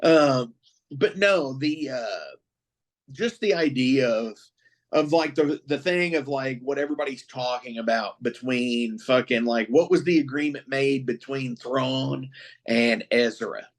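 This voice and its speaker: Unhurried profane man ranting as a fan. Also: mid-range voice. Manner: profane, excitable fan rambling. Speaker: podcast co-host. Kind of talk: casual chat.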